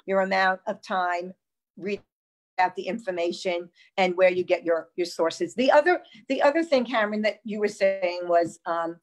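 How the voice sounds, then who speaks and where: A woman hosting a casual live conversation, telling stories in an animated, emphatic way. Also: on the low side, normal speed. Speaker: host.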